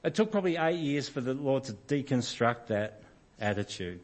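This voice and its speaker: A man's voice: mid-range voice, animated, moderate pace. A middle-aged man preaching a sermon in an informal, self-deprecating storytelling way, often restarting his sentences.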